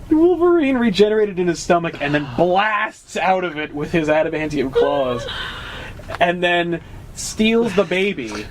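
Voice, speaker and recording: A man's voice: on the high side, sing-song, normal speed, a little hiss or hum. A man hosting a casual comics chat, retelling stories animatedly and doing silly character voices. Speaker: podcast host.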